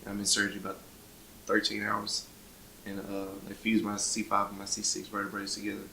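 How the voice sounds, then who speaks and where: A man's voice: on the low side, completely flat delivery, brisk, creaky, sharp tone, echoey room, slight background noise, poor audio. A man, casually telling his own story in an interview and acting out what others said. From Memphis, Tennessee. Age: 20s. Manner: conversational, acts out others' words, frequent "you know".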